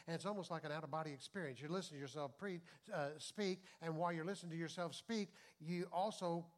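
A man preaching a sermon as pastor, folksy and conversational, dropping to soft confiding talk and rising to loud preaching. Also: sits high.

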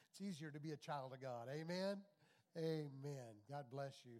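A man's voice: medium pitch, measured pace, a little mellow. A middle-aged man preaching a sermon, emphatic, with call-and-response and repeated phrases. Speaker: pastor.

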